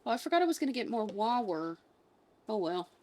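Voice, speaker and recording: A woman's voice: fairly high pitch, sing-song, a little fast, a little mellow. A young woman streaming a game, chatting casually with her chat in a playful, sarcastic way, swearing freely and sounding sleepy.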